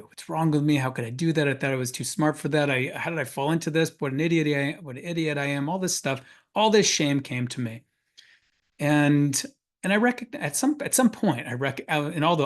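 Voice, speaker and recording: A man presenting on a webinar panel, telling a personal story earnestly with frequent restarts. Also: medium pitch. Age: adult parent of a school-age child.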